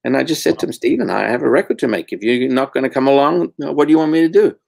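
A man's voice: medium pitch, expressive, fast talker, creaky, a little mellow, dry recording. A middle-aged man from Africa, a record producer telling candid, blunt stories as a guest in a casual interview and swearing freely. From South Africa.

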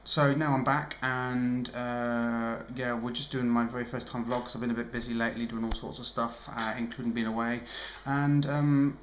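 A man's voice: mid-range voice, little pitch movement, normal speed. A tired young man co-hosting a show, rambling cheekily through a casual home vlog with lots of ums. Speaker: vlogger, show co-host. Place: home indoors. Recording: echoey room, faint hiss.

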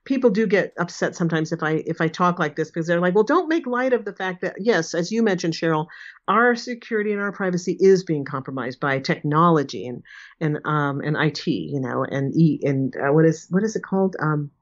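A woman's voice: low-pitched, expressive, a little fast. A woman in her sixties, a guest on an interview show, talking casually with frequent laughs and acted-out quotes. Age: 60s. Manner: chatty, laughs often, acts out quotes. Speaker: guest, remote viewing teacher. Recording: dull lo-fi audio.

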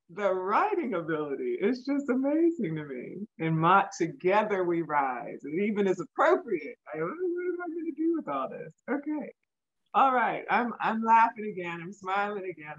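Chatty moderator on a dull video call. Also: mid-range voice. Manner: laughing, chatty, affectionate. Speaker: service moderator. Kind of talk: casual online meeting hosting.

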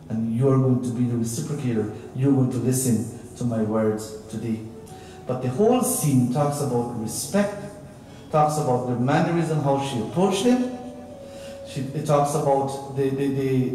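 Male pandit, sermon, storytelling, mellow tone, distant mic, very echoey hall. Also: medium pitch. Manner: storytelling, explaining Hindi verses in English. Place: temple hall.

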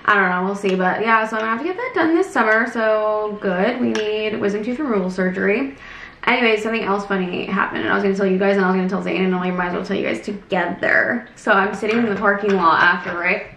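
A woman's voice: medium pitch, fast. A young woman talks through her day in a chatty, storytelling vlog, acting out quotes as she goes. Her voice sits in a middle register. The room sounds echoey, and faint noise runs underneath. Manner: chatty, animated retelling with acted quotes. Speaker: vlogger. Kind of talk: casual storytelling chat.

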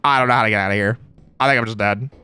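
A young man streaming a horror game, chatting casually with friends, joking and jumpy, yelling when scared. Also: lowish voice, rapid-fire, clear, resonant tone, no echo. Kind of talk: casual gaming stream chat.

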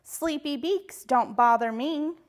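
A woman's voice: high-pitched, slow. A woman voicing a small, boastful male knight in a rhyming picture book. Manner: laughing, bragging.

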